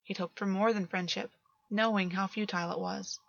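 A woman narrating a romance story in a steady, measured reading voice. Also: mid-range voice, gravelly, no room sound. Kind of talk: audiobook reading of fan fiction. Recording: dull lo-fi, dry.

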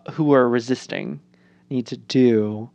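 A woman's voice: extremely low pitch, a little slow, creaky, dark tone. A woman co-hosting a casual political chat podcast, swearing freely and acting out quotes in funny voices.

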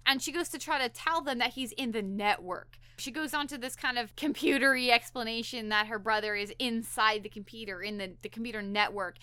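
A woman with a high, bright, forceful voice talks fast through a plot recap, full of fillers and quick restarts. The sound is dry and close, with no room around it. She sounds like a podcast co-host in casual chat. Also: clear, resonant tone, no room sound. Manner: animated, talkative, lots of "like" and restarts.

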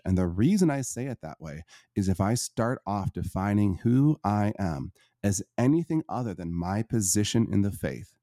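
A man's voice: deep voice, warm tone, no room sound, clean studio sound. A middle-aged man, a life coach and guest, answering interview questions in an earnest, heartfelt and reflective way.

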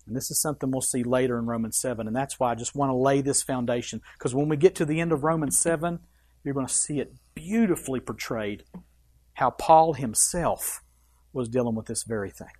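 A man's voice: mid-range voice, brisk. Emphatic male pastor preaching a sermon. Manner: emphatic preaching with wide swings in loudness and pace; addresses the congregation directly with questions.

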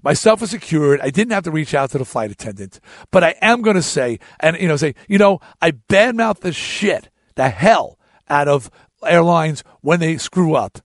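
A man in a casual storytelling monologue, chatty and animated, stumbling over himself as he goes. His voice sits a little higher than most men's. The sound is close and dry, with no room around it. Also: moderate pace, no room sound. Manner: animated, chatty retelling with frequent restarts. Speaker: show host.

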